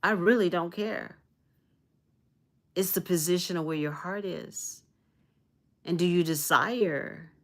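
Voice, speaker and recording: A woman from Arizona chatting live with her viewers, rambling and earnest, often repeating herself and restarting, with spiritual, uplifting talk about energy and self-love. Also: sits low. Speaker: live streamer. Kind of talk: casual livestream chat with viewers.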